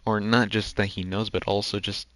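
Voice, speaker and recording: A man with a fairly low voice talks through a video game as he plays it. His commentary rambles, breaking off and restarting mid-sentence as he thinks aloud. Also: flat delivery, moderate pace, fairly bright tone, dry recording. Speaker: gaming video host. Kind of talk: let's play commentary.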